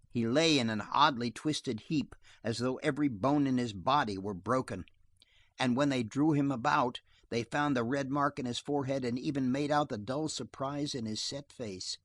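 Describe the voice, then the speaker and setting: A man reading a western novel aloud as an audiobook narrator, steady and measured. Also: medium pitch, no echo, clean studio sound.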